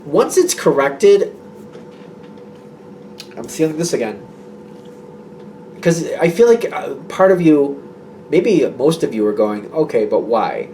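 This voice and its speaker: A man's voice: on the high side, very animated, slow, long pauses, warm tone, distant mic, slight background noise. Man giving a rambling, reassuring tarot reading. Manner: rambling, reassuring, many fillers and restarts. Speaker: tarot reader. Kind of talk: casual tarot reading addressed to viewers.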